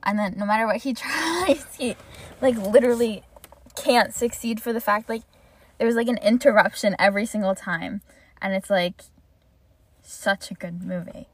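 A woman's voice: medium pitch, normal speed, dry recording. Chatty young woman, dry close mic. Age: young adult. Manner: chatty, gushing, heavy use of "like". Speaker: podcast host. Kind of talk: casual solo podcast chat.

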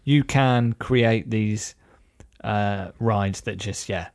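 A man's voice: lowish voice, drawn-out words, dry recording, studio quality. A man co-hosting a podcast in casual chat, rambling and upbeat with many fillers. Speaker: podcast co-host.

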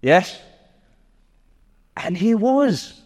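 A man preaching a sermon in an earnest way, often restarting and swinging between louder and softer passages. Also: high voice, very animated, drawn-out words, big-room sound. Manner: earnest, with frequent restarts and shifts between loud and quiet. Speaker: pastor.

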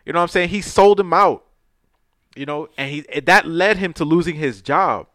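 A man's voice: fairly high pitch, moderate pace, dry recording, clean studio sound. A man co-hosting a casual podcast chat, retelling movie scenes with loose, profane street talk and acting out the characters. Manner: animated storyteller who acts out movie scenes. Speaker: podcast co-host.

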